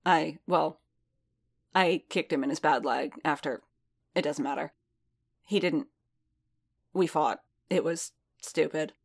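A woman voicing a weary, guarded male warrior who talks haltingly and corrects himself. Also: low voice, gravelly, slightly rough, exaggerated voice. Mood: hesitant. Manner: hesitant, halting, self-correcting.

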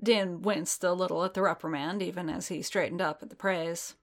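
A woman reading story narration aloud in an even, steady manner. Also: lowish voice, moderate pace. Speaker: reader. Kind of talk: audiobook narration of fan fiction.

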